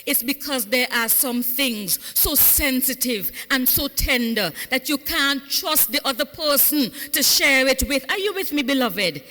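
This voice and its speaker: A woman's voice: high voice, expressive, a little slow, hardly any pauses, bright, forceful tone, faint music behind. A woman pastor preaching a sermon, calling out to the congregation and lifting into fervent, sung phrases. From Saint Vincent and the Grenadines. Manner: call-and-response preaching, rising into fervent sung cadences. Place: large church sanctuary. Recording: echoey church hall.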